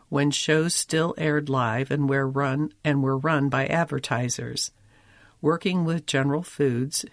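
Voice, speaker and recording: A documentary narrator reads a prepared script at a measured pace, with a wry edge to the storytelling. The voice sits in a middle pitch range. It is recorded close to a studio mic, with a dry, dead sound and no room echo.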